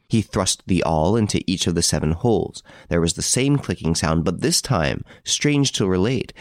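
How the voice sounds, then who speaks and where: Deep-voiced male audiobook narrator. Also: vocal fry, no room sound, clean studio sound. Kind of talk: scripted narration.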